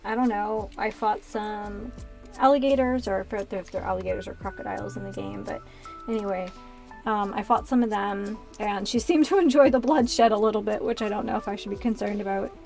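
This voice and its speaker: A woman's voice: mid-range voice, brisk, vocal fry, darkish tone, soft background music. A woman in her thirties chatting casually while building Lego on a stream, rambling through many asides from a small converted closet. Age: 30s.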